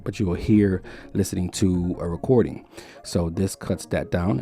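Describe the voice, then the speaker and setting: A man's voice: low-pitched, gravelly, mellow. A man giving a casual, explanatory tech review in a home studio, sometimes repeating words as he thinks. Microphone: studio microphones being compared.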